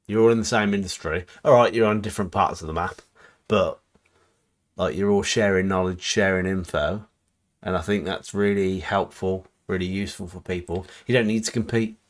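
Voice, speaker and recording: A man's voice: sits low, steady tone, normal speed. A man co-hosting a livestream, bantering and reading viewer comments aloud in a chatty way. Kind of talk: casual chat on a livestream.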